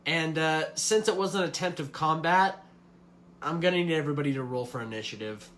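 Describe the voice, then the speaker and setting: A man performing comedy sketches, sarcastic and animated. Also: a little high, brisk, slight background noise.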